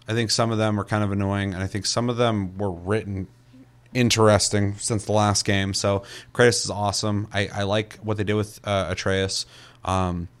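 A man's voice: on the low side, clean tone. A young man chatting casually as a podcast co-host, loose and profane, rambling with lots of fillers. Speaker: podcast co-host reviewing a video game. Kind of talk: casual chat.

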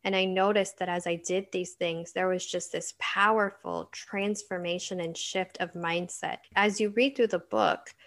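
A woman's voice: on the low side, steady tone, normal speed, hardly any pauses, fairly bright tone. Earnest woman author telling stories. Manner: earnest, storytelling, laughs often. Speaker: author guest. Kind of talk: casual interview chat.

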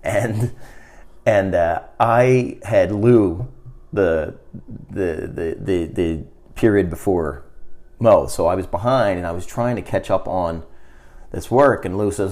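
A middle-aged man with a lowish voice spins a loose story in casual conversation. He rambles, restarts his sentences, and sinks into quiet mutters when quoting people. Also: unhurried. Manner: rambling, many restarts, drops to a low mutter in quoted lines.

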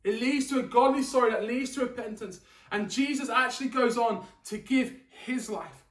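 A man with a strikingly high voice delivers an earnest sermon and presses his points home by repeating them. He sits back from the microphone, and his words ring through a reverberant room. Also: normal speed, a bit bright. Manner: earnest, emphatic preaching with repeated phrases. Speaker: preacher. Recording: echoey room, mic at a distance.

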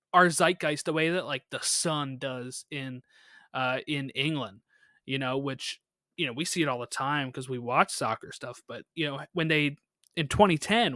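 A man with a fairly high, bright and forceful voice talks through a TV episode in loose, rambling podcast chat. He laughs easily and leans on fillers as he goes. The sound is dry and close to the mic. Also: no room sound. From United States. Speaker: podcast co-host. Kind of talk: casual episode recap chat.

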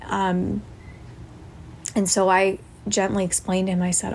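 A woman's voice: mid-range voice, completely flat delivery, unhurried, vocal fry, pauses often, a little hiss or hum. Earnest woman telling a personal story. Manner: earnest, reflective, frequent "like" and "right?". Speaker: podcast host.

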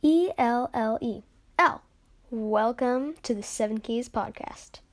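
A woman hosting a podcast and narrating a serialized adventure story in a playful, lively way. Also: fairly high pitch, takes it slowly.

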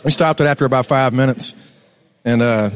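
A man's voice: mid-range voice, fairly quick, clear, resonant tone. A man with a Texan accent, telling rambling stories as a musician guest on a casual chat show. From Texas. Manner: laid-back, rambling, laughs often.

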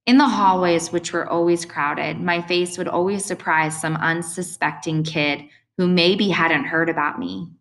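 A woman narrating an audiobook in a measured, gentle reading voice. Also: on the low side, steady tone. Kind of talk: scripted narration.

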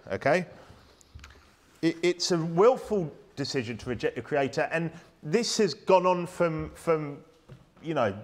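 British guy preaching, fairly high voice that swings all over, keeps asking the crowd questions. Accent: British English. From United Kingdom. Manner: emphatic, conversational preaching with rhetorical questions. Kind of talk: sermon.

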